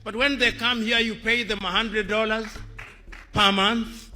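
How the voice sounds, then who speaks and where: A man's voice: high-pitched, little pitch movement, measured pace, sharp tone. A man delivering a formal public speech, impassioned, with rhetorical questions and emphatic repetition. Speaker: public speaker. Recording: reverberant hall with music added.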